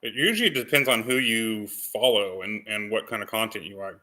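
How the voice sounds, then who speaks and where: A man's voice: fairly low pitch, brisk, bright, forceful tone. A man hosting a casual live-stream chat with viewers, rambling with many ums and restarts. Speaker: channel host.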